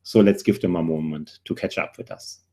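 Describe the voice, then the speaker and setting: A man's voice: low voice, fairly even intonation, mellow. German-accented man hosting a webinar. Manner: earnest, many filler pauses, dry humor. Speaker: webinar host, career recruiter. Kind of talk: presenting a live webinar.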